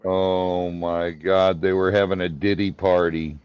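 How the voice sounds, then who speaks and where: A man's voice: low voice, level tone, a little slow, clean tone, dry recording. A man co-hosts a live stream, cracking jokes and exclaiming in surprise. His voice comes through a bit dull and muffled. It sounds dry and close. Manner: joking, exclaiming. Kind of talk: casual live-stream chat.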